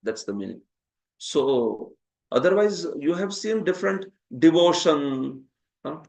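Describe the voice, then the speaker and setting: A man's voice: on the high side, lively intonation, unhurried, vocal fry, a little mellow. A man with an Indian accent, a Hindi speaker, teaching a scripture class, often asking his students "huh?" and laughing at his own jokes. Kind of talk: classroom lecture with questions.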